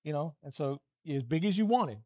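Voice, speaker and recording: A man tells a lively sermon for children, his fairly high voice swinging through animated storytelling. He drops into playful voiced asides as he goes, and he sounds middle-aged. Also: brisk.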